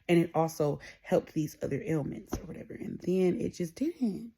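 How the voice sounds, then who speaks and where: A woman's voice: lowish voice, animated, fairly quick, hardly any pauses, a little mellow. A young adult woman hosting a podcast, talking alone in a candid, rambling, conversational way. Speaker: podcast host. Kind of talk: casual solo monologue.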